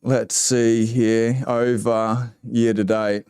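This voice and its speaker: A man's voice: medium pitch, little pitch movement, takes it slowly, darkish tone, smooth, no echo, studio quality. A man with an Australian accent hosting a casual livestream, chatting with viewers and reading their comments in a laid-back, slangy way. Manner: laid-back, drawling, slangy, with many fillers. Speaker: livestream host.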